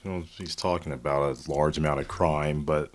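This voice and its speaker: Very deep-voiced man in casual chat. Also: fairly even intonation, normal speed. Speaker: podcast co-host. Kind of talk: casual movie discussion.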